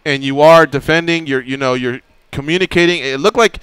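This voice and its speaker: A male radio host interviewing a fighter, laying out his points in a measured, explanatory way. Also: fairly high pitch, a bit bright, smooth, no room sound. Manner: measured, explanatory, careful framing.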